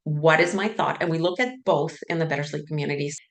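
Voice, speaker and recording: Talking fast in a low, gravelly voice, a sleep coach gives a laid-back, chatty lesson, playing out anxious internal thoughts with frequent "like" and "right?". There's echo, as if she's in a roomy space.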